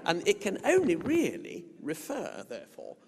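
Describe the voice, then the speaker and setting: A middle-aged British man giving a music lecture, explaining and reciting song verses with deliberate emphasis. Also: high-pitched, huge pitch swings, vocal fry. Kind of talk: lecture with spoken and sung musical examples. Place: lecture hall. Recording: long hall reverb.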